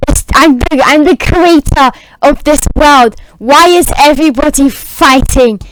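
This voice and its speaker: A woman's voice: sits high, unhurried, fairly bright tone, voice pushed up, rough recording. Woman doing an exasperated giant furry sky god. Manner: exasperated, casual.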